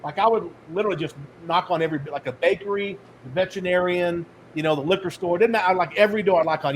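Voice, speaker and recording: A middle-aged man in a podcast interview spins his story in an animated way and acts out the voices of the people in it. His voice sits a little high for a man, with a faint hiss behind him. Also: quick pace, few pauses, poor audio. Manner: animated storyteller acting out dialogue. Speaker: podcast guest, author and speaker.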